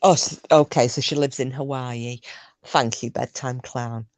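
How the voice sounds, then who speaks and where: A woman's voice: very deep voice, steady tone, measured pace, darkish tone, dry recording. A woman from Scotland chatting casually on a livestream, rambling and answering viewers' comments. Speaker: livestream host. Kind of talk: casual chat with live chat viewers.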